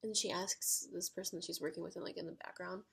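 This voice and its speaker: Brief: female vlogger, gravelly fry, husky edge, chatty and excitable storyteller. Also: lowish voice, quick pace. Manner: excitable, chatty, heavy use of "like". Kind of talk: casual storytelling.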